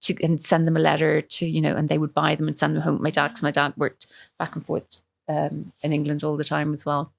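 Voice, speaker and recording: Low gravelly Cork woman in her fifties. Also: completely flat delivery, no room sound, clean studio sound. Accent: Cork Irish. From Ireland. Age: 50s. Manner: chatty, laughing, quick asides and acted-out quotes. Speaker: podcast guest. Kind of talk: casual chat.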